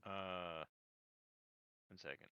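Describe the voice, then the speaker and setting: A man's voice: low voice, fairly even intonation, extremely slow, pushed and bright. A man playing a tabletop game, careful and checking the rules. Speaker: player. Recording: dull lo-fi mic.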